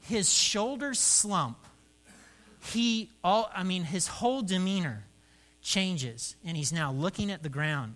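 Bright, high-voiced preaching man. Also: takes it slowly. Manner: animated storyteller who acts out both sides of conversations; repeats words and restarts phrases while thinking aloud. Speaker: pastor. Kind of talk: sermon storytelling.

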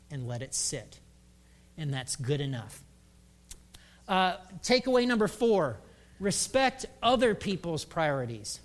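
A man's voice: high voice, animated, big-room sound. A male pastor giving a conversational, humorous sermon in a church. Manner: humorous, acts out quick voices.

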